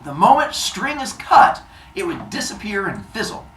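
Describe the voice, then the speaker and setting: A man's voice: high-pitched, huge pitch swings, normal speed, vocal fry, fairly bright tone, echoey room, distant mic, a little hiss or hum. A male teacher telling myths to his class, playful and acting out scenes with sound effects. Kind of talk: classroom storytelling.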